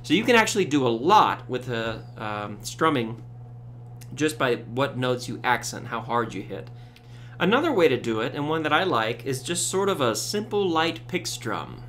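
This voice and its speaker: A man giving a casual ukulele tutorial, relaxed, with frequent fillers, counting beats aloud. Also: medium pitch, normal speed, over loud music. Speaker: ukulele teacher. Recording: loud ukulele under voice. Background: ukulele strumming.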